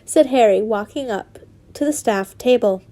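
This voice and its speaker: A woman's voice: on the high side, normal speed, dark tone. A woman reading fan fiction aloud in a casual style, breaking into giggly, rambling asides.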